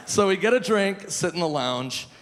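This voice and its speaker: Stand-up man, late forties, lively swooping pitch, long hall reverb, faint room hum. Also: a little slow, a crowd in the background. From Minnesota, USA. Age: 40s. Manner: animated, giggly, self-mocking. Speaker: stand-up comedian. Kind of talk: live stand-up set. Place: live theater stage. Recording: reverberant live venue, faint room noise.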